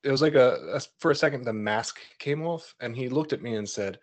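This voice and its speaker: A man's voice: mid-range voice, quick pace, hardly any pauses. A man on a podcast, talking casually and hesitantly with lots of "like" and "you know.". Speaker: podcast co-host.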